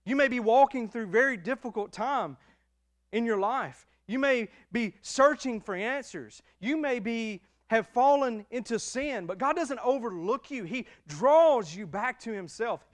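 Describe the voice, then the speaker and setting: Emotional high-voiced male preacher. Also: expressive, a little slow. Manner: emotional, emphatic preaching with dynamic swings in loudness. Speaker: pastor. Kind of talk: sermon.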